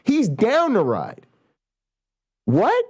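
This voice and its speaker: Man, co-host, casual profane riffing, excitable, very animated pitch. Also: normal speed. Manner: excitable, hyping, big pitch swings. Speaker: show co-host.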